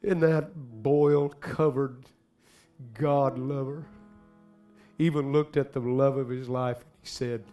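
A man preaching a sermon, swinging dramatically from hushed, slow phrases to loud bursts. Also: mid-range voice, fairly even intonation. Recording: faint music behind.

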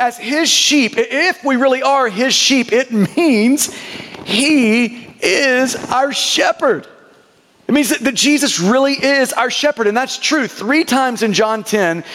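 A man's voice: extremely high pitch, a bit bright, in a large hall. A man preaching a sermon as pastor, emphatic and stumbling over repeated word starts.

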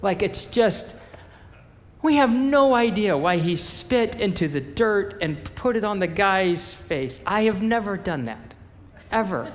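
A male pastor preaching a sermon in a casual, animated storytelling manner. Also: high voice, unhurried, big-room sound.

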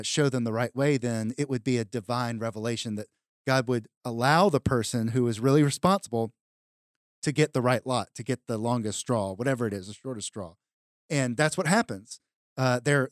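A man co-hosts a casual podcast about scripture and explains the text in an easygoing, chatty way. His voice sits at a middle pitch. The sound is dry, with no room echo. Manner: conversational, explaining with fillers. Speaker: podcast co-host. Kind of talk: casual Bible discussion.

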